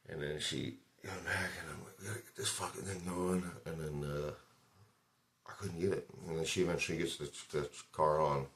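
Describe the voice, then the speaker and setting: A man's voice: a bass voice, darkish tone. A man vlogger telling a long story in a loose, rambling way, swearing often and filling gaps with "like" and "dude". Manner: rambling, profane, loose retelling full of fillers. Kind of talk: casual storytelling.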